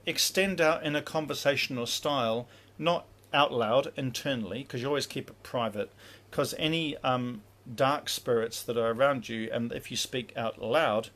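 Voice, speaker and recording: A man's voice: medium pitch, a bit bright. A man teaching spiritual practice in a casual livestream, rambling with many fillers and acting out inner dialogues.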